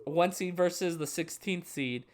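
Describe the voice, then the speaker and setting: A man's voice: a little high, measured pace. A young man co-hosting a casual sports chat, rambling and restarting his thoughts mid-sentence. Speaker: podcast co-host.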